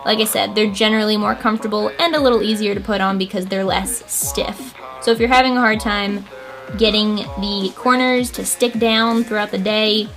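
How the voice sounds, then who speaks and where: A woman's voice: mid-range voice, steady tone, normal speed, fairly bright tone, faint music behind. A woman hosting a makeup tutorial, chatting casually and explaining each step with self-deprecating asides. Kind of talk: casual how-to talk.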